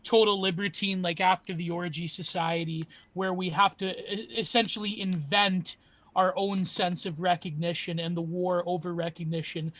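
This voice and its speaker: A man's voice: sits high, flat delivery, moderate pace, fairly bright tone, no room sound. A man in a casual discussion, theorizing at length in wordy terms.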